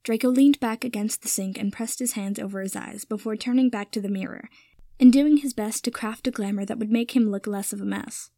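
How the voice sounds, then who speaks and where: A woman's voice: a little high, fairly quick, dark tone, no room sound, studio quality. A young woman reading fan fiction aloud, narrating the story and then signing off with chatty, rambling asides. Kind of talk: storybook narration with a casual sign-off.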